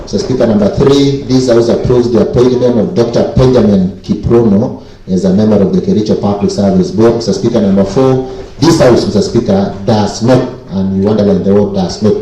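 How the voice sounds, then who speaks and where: Kenyan assembly member, echoey chamber. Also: male voice, on the low side, fairly even intonation, warm tone, faint music behind. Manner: repeats 'Mister Speaker' constantly, formal and deliberate. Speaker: county assembly committee chair. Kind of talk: formal parliamentary report. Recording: echoey chamber, distant mic.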